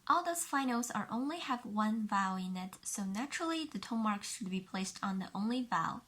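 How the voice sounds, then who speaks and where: A woman with a Chinese accent teaching a pinyin lesson, explaining sounds slowly and carefully and repeating each one for the learner. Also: mid-range voice, lively intonation, a bit bright. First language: Mandarin Chinese.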